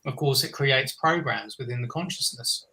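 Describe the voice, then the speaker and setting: Earnest, rambling man with a bright voice. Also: medium pitch, normal speed, rough recording. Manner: earnest, meandering, many restarts. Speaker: guest. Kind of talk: reflective conversation.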